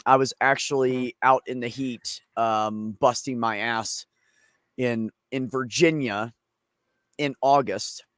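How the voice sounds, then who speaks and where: A man's voice: medium pitch, fairly even intonation, takes it slowly, fairly bright tone, clean tone, no echo, studio quality. A man hosting a casual chat, telling a long story in a rambling, profane way. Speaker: streamer host.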